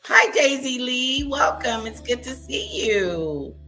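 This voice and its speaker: Woman stream host, mocking reaction commentary, bright tone, faint music behind. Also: high voice, expressive, slow. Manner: indignant, mocking, repeats clips aloud. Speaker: livestream commentator.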